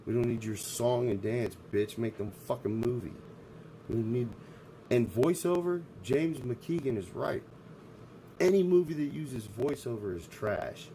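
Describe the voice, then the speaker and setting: A man's voice: mid-range voice, expressive, measured pace, dark tone, slight background noise, rough recording. A man streaming live, ranting in a profane, abrasive way. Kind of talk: casual livestream rant.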